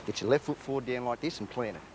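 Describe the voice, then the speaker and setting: An actor playing a blunt, weary male footballer with an Australian accent and a gruff, terse manner. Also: medium pitch, quick pace, noisy background, lightly acted. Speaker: football player. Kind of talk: film drama acting.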